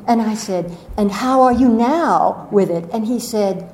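In an echoing room with a low rumble in the background, an older woman shares a contemplative spiritual story, speaking gently and unhurriedly as her words frequently fade away softly.

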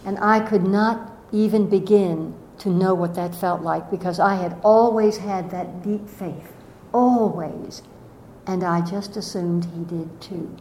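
An older woman telling a reflective spiritual story slowly and gently, her voice often trailing off softly. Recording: echoey room with faint rumble.

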